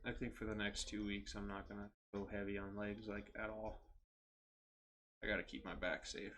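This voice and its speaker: A man's voice: on the low side, little pitch movement, moderate pace, fairly bright tone, slight background noise. A young man co-hosting a podcast, telling stories in casual chat, swearing freely and laughing often. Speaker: podcast co-host.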